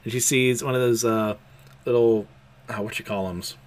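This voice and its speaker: A man's voice: medium pitch, steady tone, moderate pace. A man casually recapping a cartoon episode, laughing often as he retells it. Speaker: anime recap host.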